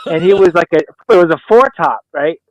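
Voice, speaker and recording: A man in his thirties, a podcast host, telling profane, animated stories in casual chat and acting out the quotes. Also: fairly high pitch, normal speed, muffled recording.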